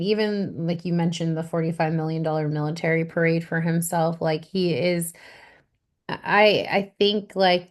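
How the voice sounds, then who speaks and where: A woman in her thirties co-hosting a podcast, giggly and hesitant, leaning on fillers. Her voice sits low, and she speaks unhurriedly into a close mic. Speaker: podcast co-host. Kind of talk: casual chat.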